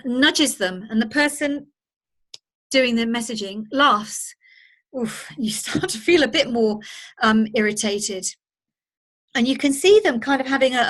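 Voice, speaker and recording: Conversational woman teaching, slightly high voice. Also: fairly bright tone. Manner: conversational, acts out quoted reactions. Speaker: presenter of a training course. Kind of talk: spoken lesson on emotional intelligence.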